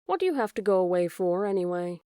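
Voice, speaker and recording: Woman voicing a gentle, comforting leaf. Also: on the low side, very animated, quick pace, smooth, dry recording, clean studio sound. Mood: tender. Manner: tender, reassuring.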